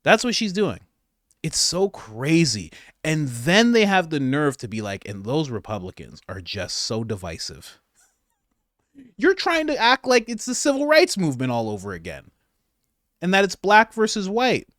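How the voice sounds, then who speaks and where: Animated man ranting in comedy commentary. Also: high voice, normal speed, no room sound, studio quality. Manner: animated, laughing, incredulous.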